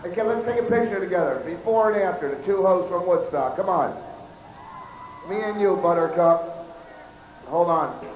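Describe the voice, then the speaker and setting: A hoarse male comedian emceeing an outdoor festival stage, joking brashly and swearing at the crowd. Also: sits high, lively intonation, normal speed, long pauses, a little mellow, a little hiss or hum. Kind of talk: stage banter. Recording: echoey outdoor PA sound.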